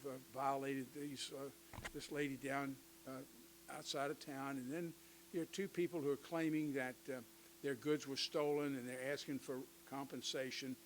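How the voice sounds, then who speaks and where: Older man giving a lively history lecture. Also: medium pitch, a little hiss or hum, rough recording. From United States. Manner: conversational, lively, with asides and humor. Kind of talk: lecture to teachers.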